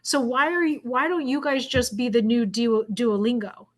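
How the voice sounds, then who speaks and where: A woman in her thirties with a slightly higher voice hosts a video call. She is upbeat and teasing, and she praises the people she talks to. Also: fairly even intonation, normal speed. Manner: enthusiastic and teasing. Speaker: host of an accountability call. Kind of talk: casual chat.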